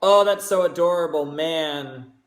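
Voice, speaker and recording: A man hosting a reaction video, gushing excitedly and swearing heavily in casual commentary. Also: a little high, measured pace. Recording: roomy echo.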